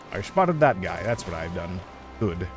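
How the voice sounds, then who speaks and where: A man's voice: sits low, sing-song, takes it slowly, music in the background. A man streaming a video game, chatting casually, chuckling and thinking aloud. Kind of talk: casual gameplay commentary.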